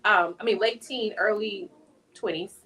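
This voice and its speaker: Recorded from a distance, a woman with a medium-pitched voice speaks unhurriedly. As an author guest in a conversational interview, she shares an emotional personal faith story, giving heartfelt testimony through animated storytelling.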